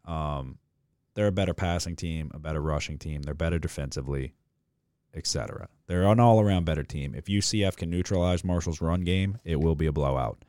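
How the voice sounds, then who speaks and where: A very deep-voiced man with a dark, mellow tone talks through his betting picks in a loose, rambling way. He is blunt and swears freely. The sound is dry and close. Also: a little fast, clear, resonant tone, no room sound. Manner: blunt, profane, rambling with fillers. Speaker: sports betting co-host. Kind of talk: casual sports betting chat.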